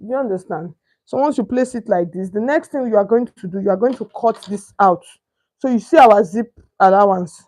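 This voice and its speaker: A woman's voice: mid-range voice, normal speed, a little mellow. Young nigerian woman showing how to cut fabric, keeps asking can you see, chatty. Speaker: sewing instructor. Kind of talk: step-by-step tutorial.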